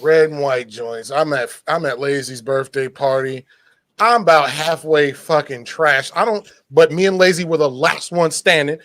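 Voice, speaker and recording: Excitable, foul-mouthed man, dry sound. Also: fairly high pitch, moderate pace, no room sound. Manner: profane, excitable storytelling. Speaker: streamer hosting a chat. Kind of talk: casual chat.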